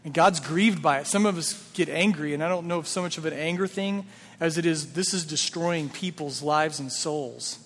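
A man's voice: on the high side, normal speed, a bit bright. A male pastor giving a sermon, talking to the congregation in a conversational way and asking them many rhetorical questions. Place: church sanctuary. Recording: reverberant hall.

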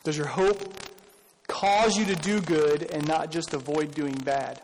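A man's voice: a little high, fairly even intonation, unhurried. A middle-aged man preaching a sermon as pastor. He talks in a conversational way, with repeated phrases and rhetorical questions. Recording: long hall reverb, faint noise.

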